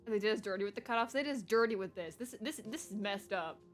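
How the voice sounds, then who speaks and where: An excitable young woman streams her reaction to a game story. She talks casually and gushes freely, in a mid-pitched voice. Faint game music sits behind her. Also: quick pace. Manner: excitable, exclaiming, gushing.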